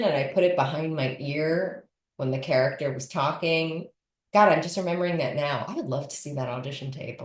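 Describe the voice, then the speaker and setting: A woman in her forties talks through her acting career on a video call, her low voice leaping up when she gets excited. The room around her is echoey. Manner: animated storyteller, bursts of laughter and big pitch jumps. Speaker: guest actor and dialect coach. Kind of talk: casual interview storytelling.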